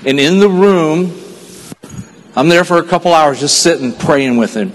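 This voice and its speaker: Man from texas, motivational stage speaker, fairly high voice, earnest storytelling, long hall reverb. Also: expressive, moderate pace, slight background noise. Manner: earnest storytelling, dropping quiet for sad moments. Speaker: speaker at a sales convention.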